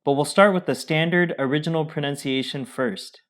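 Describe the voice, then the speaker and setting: A man co-teaching a Mandarin pronunciation lesson, explaining the rules calmly and in a friendly way. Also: a little high, moderate pace.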